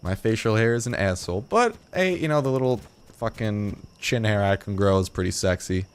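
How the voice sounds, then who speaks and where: Rambling, foul-mouthed teen gamer. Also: male voice, lowish voice, expressive, fairly quick, clear, resonant tone. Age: late teens. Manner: rambling, joking, swears a lot. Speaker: gaming video host. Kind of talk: casual gameplay commentary.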